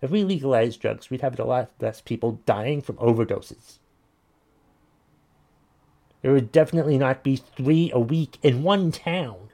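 A man's voice: mid-range voice, unhurried, warm tone. A man hosting a casual commentary show, ranting bluntly and swearing while he reacts to listener messages. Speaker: podcast host reading listener messages.

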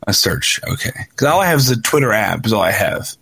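Male podcast co-host, husky nasal voice with a lisp, rapid chatty delivery. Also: on the low side, big pitch swings, fairly bright tone. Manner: fast-talking, laughs often. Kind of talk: casual chat.

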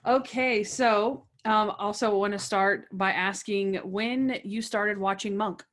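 A woman's voice: mid-range voice, steady tone, slow pace, a bit bright. A woman hosting a podcast, friendly and chatty, teasing her guests. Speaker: podcast host. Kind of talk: casual podcast chat.

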